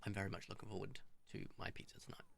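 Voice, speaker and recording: Loud music nearly drowns out a young man whose fairly low, creaky voice races along as he streams a game. He rambles through stories and remarks while playing, chatty and animated throughout.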